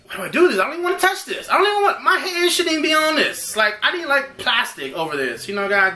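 A man hosting an unboxing video, rambling excitably and talking straight to his viewers. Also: sits high, echoey room. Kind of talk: casual unboxing chat.

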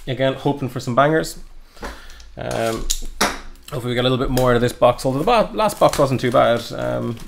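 Young man, card-break host, upbeat and chatty, gravelly edge. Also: medium pitch, brisk, background noise. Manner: chatty, upbeat, lots of fillers. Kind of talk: live card break commentary.

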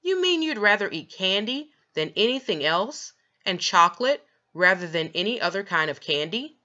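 A woman's voice: mid-range voice, big pitch swings, moderate pace, sharp tone, lo-fi sound. Woman doing a persistent reasoning father. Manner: reasoning and persistent, long lists.

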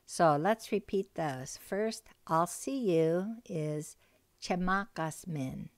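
A woman teaching a recorded language lesson, speaking slowly and patiently and repeating key words with care. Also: on the low side, animated, no room sound. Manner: slow, careful, patient delivery with repeated phrases.

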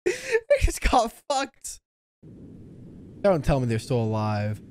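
A woman hosting an anime reaction channel, commenting live with excitable shouts, laughter, slang and lots of swearing. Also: rumbling low, slow pace, slight background noise.

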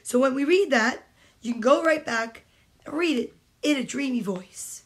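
A woman's voice: high-pitched, lively intonation, moderate pace. A woman at home reading picture books aloud to children, playful and chatty, speaking straight to the kids. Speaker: storytime host.

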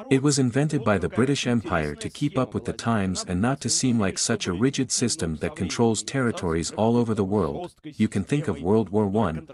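A man giving political commentary as a voice-over, arguing in a sarcastic tone. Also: on the low side. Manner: sarcastic, argumentative.

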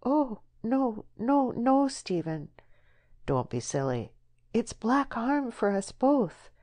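A woman voicing a shy young rural village woman who speaks hesitantly in a soft country dialect. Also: medium pitch, a little slow, no room sound, voice pushed up, lightly acted. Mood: pleading.

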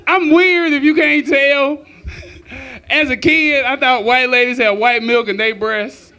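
A man's voice: very high voice, fairly even intonation, measured pace, bright, forceful tone, clear, resonant tone. A man doing a crude, profane stand-up comedy set on a club stage, laughing at his own jokes.

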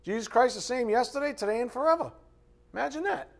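A male pastor preaching a live sermon, reading scripture aloud and acting out voices in lively asides. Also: very high voice, quick pace, vocal fry. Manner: animated preaching, reads scripture aloud, acts out God's voice in asides. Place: church sanctuary.

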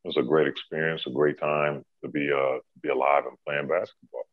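A former pro basketball player in his forties tells a story in a laid-back, conversational way, with lots of "you know". His voice sits extremely low. The sound is dry and narrow, like a phone call. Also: fairly quick, no room sound. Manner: relaxed, fillers like "you know, man". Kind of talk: casual storytelling.

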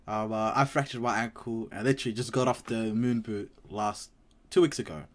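A young man casually commenting on a video, relaxed and rambling. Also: on the low side, fairly quick. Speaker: reaction host.

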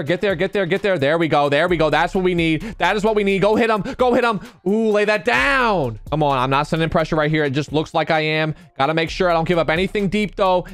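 A man's voice: high voice, clear, resonant tone, dry recording. A young man giving live commentary over his own football video game match, talking to himself and the viewers, his voice jumping up when something goes wrong. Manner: excitable, talks to himself while playing, voice jumps up when outraged. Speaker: gaming video creator.

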